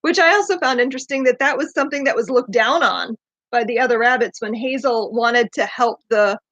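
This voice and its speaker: A woman's voice: fairly high pitch, fairly quick, a bit bright, no echo. A woman hosting a casual book discussion, chatty and eager, who laughs often. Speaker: podcast host. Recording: dull lo-fi dry sound.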